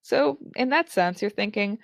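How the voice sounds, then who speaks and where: A woman in her thirties teaching an online speaking course, with clear, carefully articulated and expressive delivery. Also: mid-range voice, moderate pace, no room sound. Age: 30s. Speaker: instructor.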